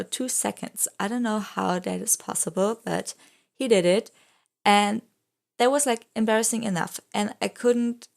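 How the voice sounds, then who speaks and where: A young woman talks through a casual voice-over at a middle pitch, with a gravelly, vocal-fry edge to her voice. She rambles and laughs easily, filling her talk with "like" and "I don't know". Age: young adult. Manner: giggly, excitable. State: throat a bit rough. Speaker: YouTuber.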